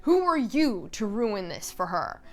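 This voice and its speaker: A woman's voice: medium pitch, sing-song, measured pace. Woman as a stern, scolding baroness. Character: stern noblewoman baroness, commanding.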